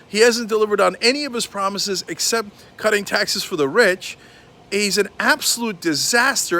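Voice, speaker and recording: A man's voice: sits high, normal speed, bright, forceful tone. A man hosting a political commentary show, ranting in a heated, exasperated and sarcastic way.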